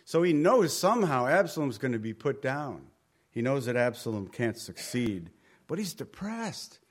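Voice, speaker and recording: A man's voice: medium pitch, very animated, moderate pace. A man preaching a Bible study sermon in a conversational way, rising and falling in volume and sometimes dropping almost to a whisper. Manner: conversational, varies volume, drops to near whisper. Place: room with a group.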